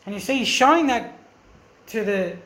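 Earnest preacher in echoey church. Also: male voice, high-pitched, lively intonation, moderate pace, fairly bright tone. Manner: earnest, emphatic preaching with rhetorical questions. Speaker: pastor. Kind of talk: sermon.

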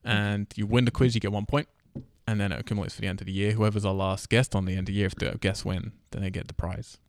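A man's voice: on the low side, little pitch movement, quick pace. A man hosting a casual podcast and running a trivia quiz, teasing his guests and swearing casually. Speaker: podcast host. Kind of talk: casual podcast chat, quizmaster.

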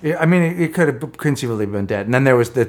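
A man's voice: mid-range voice, animated, very fast, a little mellow. A middle-aged man co-hosting a casual comedy chat, swearing and joking with big laughs. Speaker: podcast co-host.

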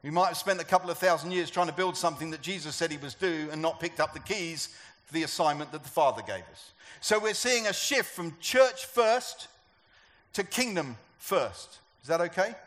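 A man's voice: on the high side, animated, normal speed, fairly bright tone. A man preaching a sermon to a church gathering, talking conversationally and asking the congregation questions. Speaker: pastor.

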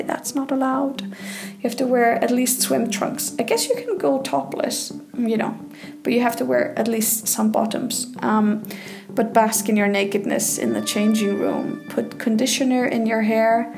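Speaking at a moderate pace in a slightly high, expressive, gravelly voice, a woman from Iceland tells stories in a relaxed monologue. A sexologist, she laughs and uses fillers, recorded through a phone headset in her bathtub.

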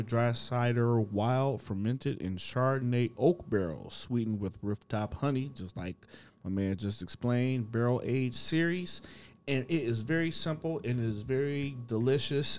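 A man co-hosts a laid-back podcast chat, cracking self-deprecating jokes and reading product labels aloud. His voice sits at an ordinary middle pitch. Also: normal speed, a little mellow, a little hiss or hum. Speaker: co-host.

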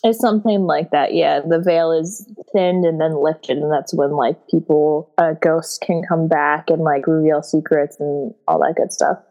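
Young female co-host, low-ish voice, excitable, casual, profane book chat. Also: measured pace, hardly any pauses. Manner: animated, swears freely, many fillers. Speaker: podcast co-host.

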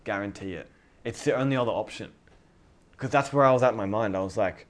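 A man's voice: on the low side, quick pace. A man preaching a sermon in a casual, conversational way, often acting out dialogue. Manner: conversational, animated, acts out dialogue.

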